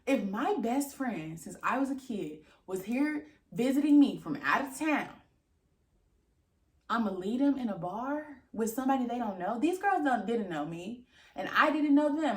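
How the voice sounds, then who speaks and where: A woman's voice: high-pitched, normal speed, echoey room. A young woman casually telling an exasperated storytime, acting out quoted dialogue and swearing as she goes. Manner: animated, exasperated retelling with lots of quoted dialogue and cursing. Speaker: vlogger.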